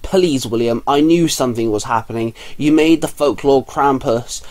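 A man's voice: mid-range voice, normal speed, darkish tone, lightly acted. A man reading as a stern, exasperated woman.

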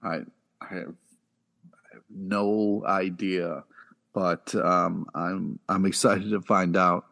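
A man's voice: low voice, steady tone, slow, gravelly, pauses often, a bit bright. A man co-hosting a podcast, gushing emotionally and swearing casually in casual discussion. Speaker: podcast co-host.

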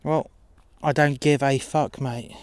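A man's voice: mid-range voice, steady tone, takes it slowly, clear, resonant tone, natural voice. A man playing a crude, mocking pimp boss who swears constantly.

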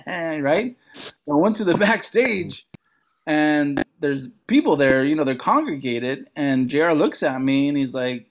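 A man from a Montana reservation telling a casual story as a comedian guest, acting out other people's lines with big jumps in pitch. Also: normal speed. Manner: animated, acts out quoted voices with big pitch jumps.

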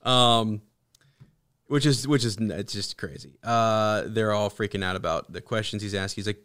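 A man hosting a casual book podcast, chatting in a rambling, halting way with many restarts. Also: on the low side, a bit bright, clear, resonant tone. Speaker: podcast host. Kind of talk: casual book discussion with read-aloud passages.

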